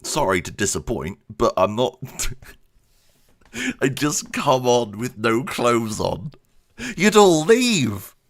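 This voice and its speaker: A man's voice: mid-range voice, very animated, slow pace. A man giving a casual channel update, rambling and self-deprecating, laughing often. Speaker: YouTube creator.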